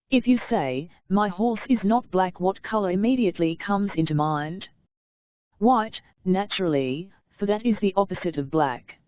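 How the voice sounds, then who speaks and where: A woman reading an instructional audiobook aloud in a steady, measured delivery. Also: lowish voice, no room sound. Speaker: audiobook narrator. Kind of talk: scripted audiobook narration. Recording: tinny phone-like narrow sound.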